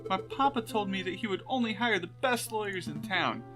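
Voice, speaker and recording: A naive, chirpy young noblewoman cat from a game, sweet and innocent, her voice high and lilting with lively swings. A man acts her out. Game music plays underneath. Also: a little fast, low-quality recording.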